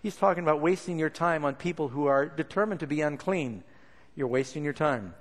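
A man preaching a sermon in a lively, expressive way, acting out the lines he quotes. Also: a little high, fairly quick. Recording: long reverb of a large hall.

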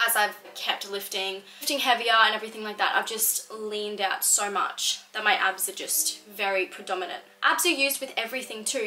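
A woman's voice: mid-range voice, sharp tone, slight background noise, low-quality recording. A young Australian woman answering viewer questions in a casual vlog, chatty and full of "like". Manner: chatty, fills speech with "like". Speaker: fitness content creator.

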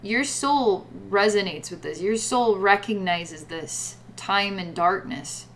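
A woman's voice: mid-range voice, slow pace, a bit bright, a little hiss or hum. A woman giving a guided psychic reading in a rambling way, full of fillers and repeated words. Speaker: psychic reader.

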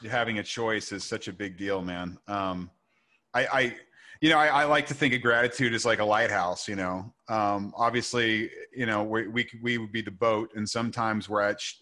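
A man's voice: on the low side, bright, forceful tone. A male guest author in a casual podcast chat, rambling earnestly as he tells a story.

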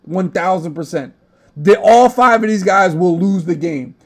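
A man's voice: high-pitched, measured pace. Brash, profane young man hosting. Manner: brash, profane trash talk. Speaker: podcast host. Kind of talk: casual gaming podcast chat.

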